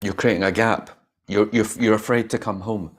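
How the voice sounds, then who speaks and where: A man giving a Buddhist dharma talk as a meditation teacher. He speaks in an animated, emphatic way, laughs often and swears casually. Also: lowish voice, moderate pace.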